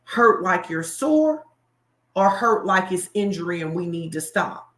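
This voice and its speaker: A woman's voice: fairly low pitch, very animated, a little slow, fairly bright tone. A woman voicing a blunt but caring male fitness coach who asks pointed, challenging questions, in an echoey room. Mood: probing.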